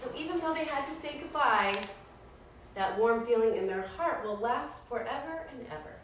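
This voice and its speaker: A woman teaching kids' yoga, telling a story in a playful, animated, encouraging way. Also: fairly high pitch, moderate pace. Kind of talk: storytelling yoga class for children. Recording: echoey room, voice far from mic, faint noise.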